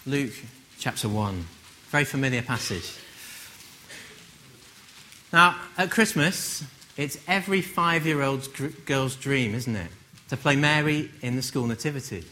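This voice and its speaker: A man from England giving a conversational sermon, gently humorous and full of rhetorical questions. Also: medium pitch, lively intonation, a little slow, slight background noise. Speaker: preacher.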